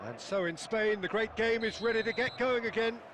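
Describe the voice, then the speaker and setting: A man's voice: sits high, a little fast, natural voice. A man playing an adult male football play-by-play commentator in a video game, calling the match and rising on chances. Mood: measured. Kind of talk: scripted sports commentary. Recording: game audio with noise behind.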